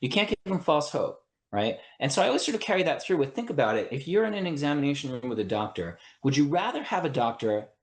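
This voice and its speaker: A man's voice: fairly high pitch, very animated, quick pace, few pauses, roomy sound. A man, an attorney and mediator, speaking as a podcast guest. He explains his ideas earnestly, often checking in with "right?" and restarting his sentences. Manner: earnest, breaks thoughts with frequent "right?" and restarts. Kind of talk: explanatory interview conversation.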